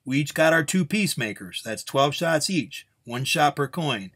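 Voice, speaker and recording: A man's voice: fairly high pitch, lively intonation, moderate pace, fairly bright tone, breathy edge, pitched above the performer's own voice. A man voicing a tough, brash frontier nun who barks her words with a drawl. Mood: commanding.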